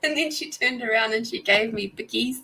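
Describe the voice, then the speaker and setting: Chatting and giggling with viewers during a live intuitive reading, this Australian podcast host tells stories warmly. Her voice is on the high side, slightly rough and fairly quick, and the recording is low quality.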